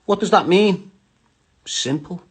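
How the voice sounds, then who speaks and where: A man's voice: high-pitched, slow pace, breathy edge. A middle-aged man with a Scouse accent from Liverpool, ranting crudely and mockingly on a live stream. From Liverpool, England.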